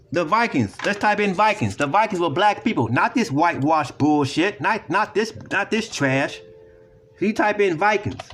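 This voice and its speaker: A man's voice: high-pitched, a bit bright. A man ranting in a video commentary, profane and repetitive as he lectures emphatically. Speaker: online commentator.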